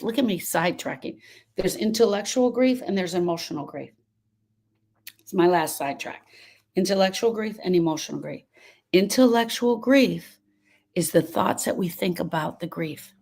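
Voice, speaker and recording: A woman with a lowish, creaky, husky voice that's a little mellow coaches viewers on grief during a live stream, answering them by name. She's emphatic and repetitive, restating her points and often wandering off on sidetracks.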